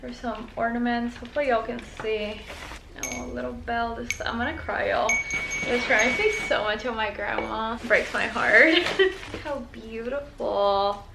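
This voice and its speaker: Chatty young woman with a gravelly edge. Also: fairly high pitch, a little slow, heavy background noise. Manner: chatty, gushing, says "y'all" and "like" a lot. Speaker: home decor vlogger. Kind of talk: casual vlog chat. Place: at home indoors.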